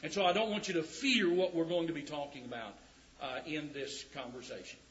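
A man preaching a sermon, reading scripture slowly and emphatically with folksy asides. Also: a little high, fairly bright tone. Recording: dull lo-fi recording.

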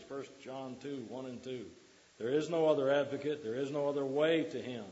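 A man's voice: medium pitch, darkish tone, muffled recording. A man preaching a sermon to a congregation, quoting scripture and putting questions to the listeners.

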